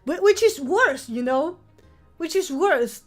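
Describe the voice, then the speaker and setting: A woman streamer chatting casually with her viewers in a soft, playful voice while recovering from the flu. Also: high-pitched, expressive, takes it slowly, soft background music. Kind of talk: casual live-stream chat.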